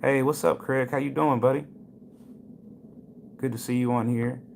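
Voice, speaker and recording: A man with a gravelly, mid-range voice hosts a casual livestream. He chats in a loose way, tells stories and greets viewers by name. A faint hiss sits under the recording. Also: medium pitch, steady tone, moderate pace, a little mellow. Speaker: livestream host. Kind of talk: casual live-stream talk.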